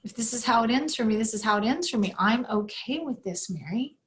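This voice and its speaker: A woman quoting her dying elderly father, an old man with a soft, quiet voice. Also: extremely high pitch, animated, brisk. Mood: calm. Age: older.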